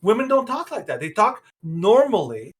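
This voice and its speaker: A man's voice: high voice, sing-song, moderate pace. A man hosting a podcast, giving rambling, opinionated commentary with frequent restarts. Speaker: podcast host.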